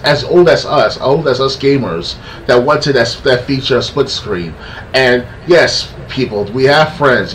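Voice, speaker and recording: A man ranting on a casual podcast, frustrated and rambling, stumbling and restarting often. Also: mid-range voice. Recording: distant mic with faint background noise.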